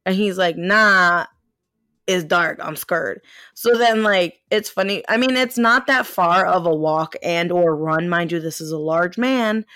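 A young woman co-hosting a podcast, telling a story in casual chat, animated and swearing, with lots of fillers. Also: on the low side, dry recording, studio quality. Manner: animated, swears a lot, many fillers, laughs while telling. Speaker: podcast co-host.

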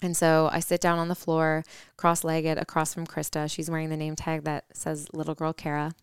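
A woman's voice: sits low, monotone, normal speed, smooth, no echo, studio quality. A woman in her thirties earnestly telling a personal story on a podcast, reflective, with fillers and restarts. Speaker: podcast co-host.

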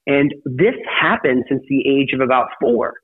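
A man's voice: mid-range voice, normal speed, slightly rough, dry recording. A middle-aged man, an interview guest, telling a personal story in a rambling way full of "you know" fillers. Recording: tinny phone-line sound, dry.

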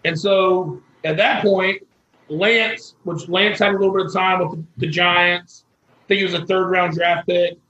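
A man with a high voice tells a folksy, earnest story as an interview guest. His audio sounds roomy and a little dull, with faint noise behind him. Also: fairly even intonation, unhurried, pushed and bright. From Florida. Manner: folksy and earnest, with quoted dialogue.

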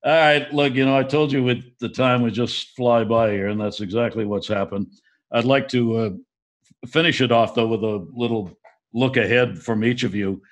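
Man moderating a panel, brisk questions. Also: medium pitch, fairly even intonation. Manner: brisk, wraps up and poses questions. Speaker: moderator, host.

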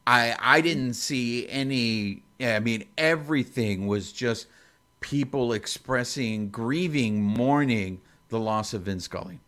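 Speaking slowly in a mid-range, fairly bright voice, a male podcast co-host rambles through an emotional story in casual chat, frequently starting over.

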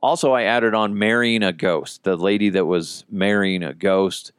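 Low-voiced man joking as a podcast host. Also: normal speed, clean tone, no room sound, clean studio sound. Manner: joking, animated storyteller. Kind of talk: casual chat.

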